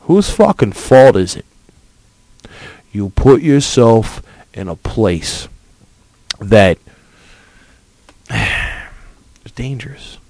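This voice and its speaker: Slow, low-voiced man ranting angrily. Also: big pitch swings, mellow, dry recording. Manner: aggressive, swearing, confrontational. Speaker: podcast host. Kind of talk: profane angry rant.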